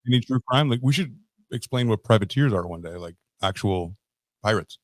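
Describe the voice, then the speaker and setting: A man's voice: on the low side, expressive, a little fast. A man co-hosting a casual podcast, joking and swearing, now and then slipping into silly voices. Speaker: podcast co-host. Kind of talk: casual chat.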